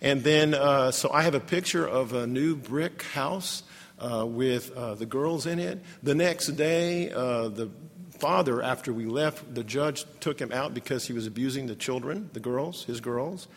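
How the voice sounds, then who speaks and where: A man telling an emotional story in a sermon, halting often and restarting his sentences. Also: medium pitch. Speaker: ministry leader telling a story. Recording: echoey hall with long reverb.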